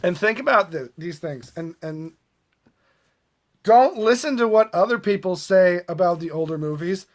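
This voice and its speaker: A man's voice: high-pitched, animated, moderate pace. A man giving casual movie commentary to camera, chatty and mildly sarcastic, often restarting mid-sentence. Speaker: movie vlogger. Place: at a table at home.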